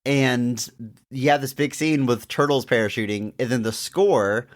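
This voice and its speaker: A man's voice: medium pitch, measured pace. A man co-hosting a podcast, chatting casually about an old comedy film and laughing often. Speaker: podcast co-host. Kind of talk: casual movie discussion.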